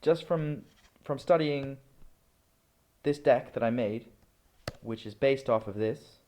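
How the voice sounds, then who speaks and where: A man's voice: mid-range voice, slow, warm tone. A man talking casually through a screen-recorded study session, rambling and correcting himself as he goes. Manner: rambling, self-correcting, chatty. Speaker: language learner vlogger.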